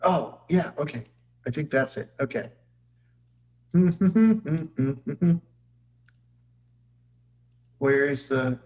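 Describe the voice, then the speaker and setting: A young man hosts a relaxed live stream, joking around and reading viewer messages aloud as he clicks through menus. His voice sits somewhat high for a man, and he talks at an unhurried pace. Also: poor audio. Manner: loose, joking, reads chat aloud while clicking around. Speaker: streamer and host. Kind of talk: casual live-stream chat.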